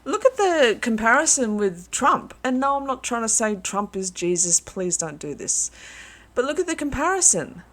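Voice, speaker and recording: A woman giving a rambling, animated spiritual monologue as an online preacher, full of restarts and fillers. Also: fairly high pitch.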